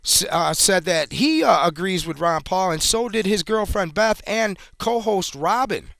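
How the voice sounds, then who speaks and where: A male show host talking through political commentary in a conversational way, with plenty of "uh"s. His fairly high voice has a gravelly fry, recorded dry and close. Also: expressive, measured pace, a bit bright, dry recording. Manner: conversational, hesitant fillers.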